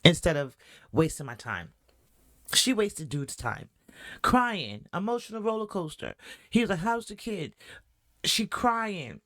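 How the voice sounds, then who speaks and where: A woman's voice: fairly low pitch, big pitch swings, a little slow, fairly bright tone, no room sound, clean studio sound. A woman hosting a podcast, chatting animatedly through a reaction breakdown and asking her audience questions. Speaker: podcast host. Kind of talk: reaction commentary.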